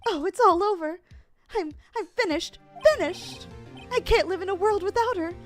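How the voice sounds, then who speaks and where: A woman's voice: very high voice, normal speed, faint music behind, voice pushed up. A woman voicing a distraught, melodramatic young man in a video game, wailing and overwrought. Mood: anguished.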